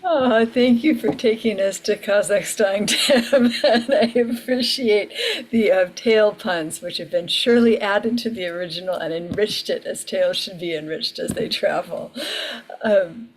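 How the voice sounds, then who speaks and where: A woman's voice: medium pitch, measured pace, poor audio. A woman hosting a storytelling event, thanking a teller and introducing the next one. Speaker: event host.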